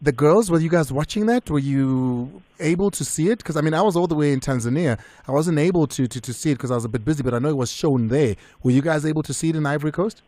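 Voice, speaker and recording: South African sports radio host, dry studio. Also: male voice, fairly high pitch, fast talker, hardly any pauses, dry recording. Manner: energetic, mixes English with isiZulu. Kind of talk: live radio sports talk.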